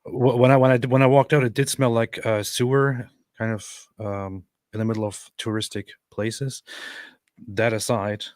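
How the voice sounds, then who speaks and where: A male host chatting casually in a measured, somewhat hesitant way. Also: medium pitch, flat delivery, darkish tone, no echo. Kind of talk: casual chat.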